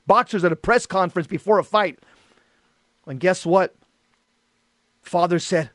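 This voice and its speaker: A man's voice: sits high, normal speed, pauses often, dry recording, studio quality. A middle-aged man giving an earnest, emphatic personal testimony about faith. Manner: earnest, emphatic, rises to shouting in quoted exchanges. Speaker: Catholic lay speaker.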